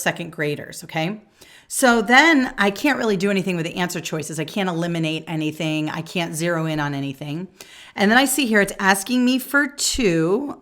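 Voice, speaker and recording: A woman with a somewhat low voice explains exam questions step by step. She sounds like a coaching tutor, often stopping to check in with "okay?" as she rules out answers. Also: fairly bright tone. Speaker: test prep instructor.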